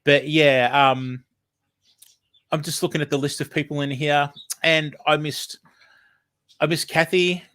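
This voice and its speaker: An Australian man with a slightly higher-than-usual voice, talking in a loose, rambling livestream chat full of ums and fillers. He sounds a little sniffly, as if from hay fever. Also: fairly even intonation, a little slow, pauses often, pushed and bright. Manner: rambling and friendly, many ums. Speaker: livestream host.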